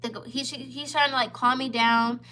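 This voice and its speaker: A twenties vlogger, upset and on the verge of tears, delivers a heated storytime to the camera. Her voice sits high with fairly even intonation, normal speed and a bright, forceful tone, and she retells it emphatically with plenty of profanity.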